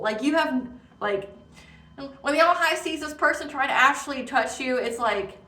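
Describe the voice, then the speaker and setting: A woman reads tarot in a casual, rambling way, repeating words for emphasis. Her voice is bright and fairly high. It echoes around the room and sits away from the mic. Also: lively intonation, unhurried, distant mic. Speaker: tarot reader. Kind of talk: casual spiritual tarot reading.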